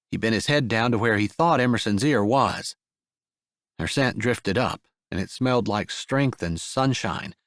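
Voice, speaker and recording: A man reading a sweet romance audiobook in a gentle, expressive storytelling manner. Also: fairly low pitch, no room sound, clean studio sound. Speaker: audiobook narrator. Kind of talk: scripted narration.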